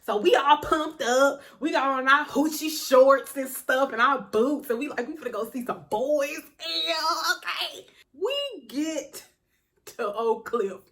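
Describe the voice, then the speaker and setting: Brief: a young woman vlogger with a high voice, telling a personal story in a slangy, animated way. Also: slow pace. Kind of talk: storytime vlog.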